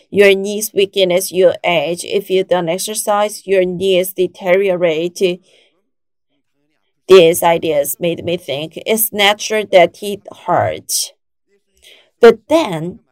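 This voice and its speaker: Woman preacher, forties, emphatic unhurried sermon delivery, mid pitch, dry sound. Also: darkish tone, dry recording. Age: 40s. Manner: slow, emphatic preaching with rising quoted exclamations.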